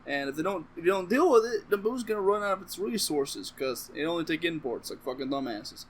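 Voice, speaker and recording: A slightly higher-pitched man talks straight to the camera, recapping a film in an offhand, rambling way. He swears freely and keeps breaking off into side comments. A faint hum of room ambience sits behind him. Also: lively intonation, a little fast, rough recording. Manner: profane, offhand and rambling, with self-interrupting asides. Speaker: comedic vlogger. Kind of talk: casual rambling movie recap.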